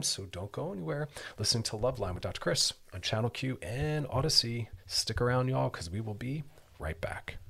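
A man's voice: medium pitch, gravelly. A man hosting an advice show, talking earnestly and directly, coaching listeners with repeated commands. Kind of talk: advice podcast monologue.

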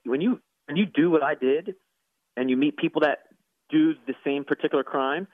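A man's voice: on the high side, moderate pace, no room sound. A man tells his story of guilt and forgiveness with earnest, preacherly conviction, often stumbling over repeated words. His voice has a tinny, narrow phone-line sound, close and dry with no room around it. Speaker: guest, former professional soccer player and pastor. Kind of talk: emotional personal testimony.

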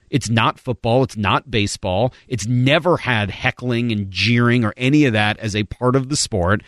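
A man from the northeastern United States hosts a sports talk show with a lively, swinging pitch. He banters fast with his co-hosts and reads news stories aloud. The recording is dry and close. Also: no room sound. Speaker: show host.

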